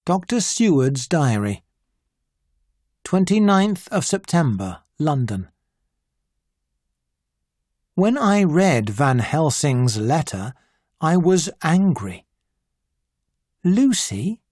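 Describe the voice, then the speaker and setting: A narrator reading a simplified classic story in a clear, deliberate style. The pacing is exceptionally slow, and the voice sits in a middle register. The recording is dry and close, with no room sound. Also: mid-range voice, big pitch swings, darkish tone, dry recording. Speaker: audiobook narrator.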